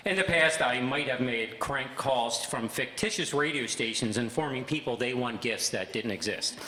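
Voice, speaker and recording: A man's voice: normal speed, sharp tone, a little hiss or hum. Older man telling funny stories in an echoey hall. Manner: bursts into a booming fake DJ voice for jokes. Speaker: speaker giving a short stage talk. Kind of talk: humorous storytelling talk. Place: large hall with audience. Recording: echoey hall with long reverb.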